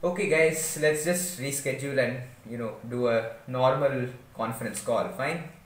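A man's voice: mid-range voice, normal speed, natural voice. A man playing a flustered, apologetic boss on a video call in an amateur comedy skit. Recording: echoey room with noise, far off.

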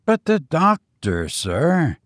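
A man's voice: huge pitch swings, slow pace, no room sound, clean studio sound, heavily acted. A man voicing an elderly, devoted male servant who is timid and anxious, his speech quavering and pleading in a raised voice. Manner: quavering, pleading, high-pitched.

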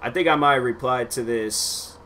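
Bright-voiced young man rambling casually. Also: mid-range voice, moderate pace, a little hiss or hum. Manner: loose, slangy, rambling with many fillers. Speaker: YouTuber reacting to his old videos.

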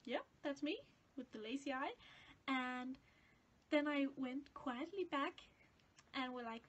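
A teenage girl from Denmark with a high, light voice tells a story to camera in casual English. She speaks it as a second language. Her chatty, rambling way of talking pokes fun at herself. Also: slow, long pauses. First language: Danish. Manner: chatty, self-deprecating, rambling. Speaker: vlogger.

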